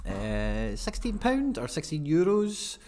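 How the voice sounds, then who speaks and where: A man's voice: a little high, wildly swooping pitch, slow, darkish tone. Chatty man, rambling. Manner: rambling, chatty, laughs at himself. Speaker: fantasy football streamer. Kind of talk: casual live-stream commentary.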